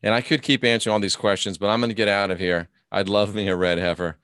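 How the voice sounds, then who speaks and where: Low-voiced man ranting mockingly. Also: level tone, fast, fairly bright tone, clear, resonant tone, no room sound, studio quality. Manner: mocking, combative, reads chat comments aloud. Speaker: host of a live stream. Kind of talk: ranting live-stream commentary.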